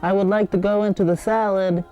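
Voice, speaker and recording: A man's voice: high-pitched, flat delivery, a little fast, warm tone, soft background music, close to an everyday voice, low-quality recording. A man voicing a playful, silly toy dinosaur in a comedy cooking sketch. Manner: playful, sing-song.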